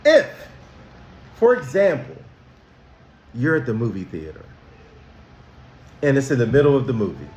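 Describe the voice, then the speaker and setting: A man, a school counselor talking to students about manners, slow and emphatic, asking them questions. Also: mid-range voice, huge pitch swings, darkish tone, dull audio. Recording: roomy echo.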